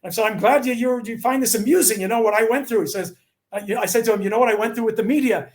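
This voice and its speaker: A middle-aged American man, appearing as an interview guest, tells anecdotes in rapid-fire delivery with a very high voice. He's animated, acting out the dialogue as he goes in conversational storytelling.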